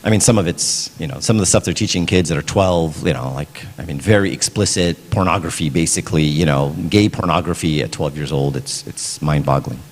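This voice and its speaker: A man's voice: very deep voice, a little fast, hardly any pauses. A middle-aged man giving a casual parenting talk at church, conversational, often asking "right?". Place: church hall. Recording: long hall reverb.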